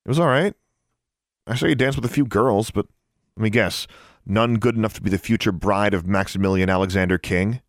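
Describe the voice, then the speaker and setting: A man reading an audiobook, voicing a hurt, sharp-tongued teenage witch girl in a raised, sharp voice. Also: a little fast, dry recording, studio quality, natural voice. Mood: teasing. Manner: pitched up, hissing and sharp when angry.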